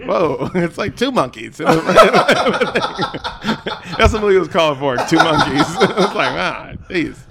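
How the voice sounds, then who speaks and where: A man's voice: high voice, lively intonation, unhurried, very noisy. A man co-hosting a podcast, joking crudely and laughing through his words. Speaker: podcast co-host. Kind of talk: casual podcast banter.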